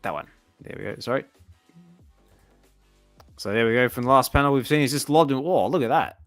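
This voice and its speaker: Channel host, male, middle pitch; casual comic read-through with excitable reactions, dry room, faint music bed. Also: fairly quick, no echo. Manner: chatty, excitable, reacts aloud. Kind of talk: casual comic book reading with commentary.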